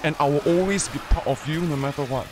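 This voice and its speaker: Doting dad, put on by a man, slightly high voice, coaxing and tender, noisy voice chat. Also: fast talker, close to an everyday voice. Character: doting fatherly dad addressing his son.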